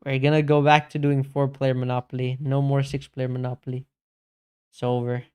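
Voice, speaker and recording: A man's voice: medium pitch, little pitch movement, moderate pace, a little mellow, clean tone. A man streaming casually, chatting slangily and calling everyone bro while answering his chat.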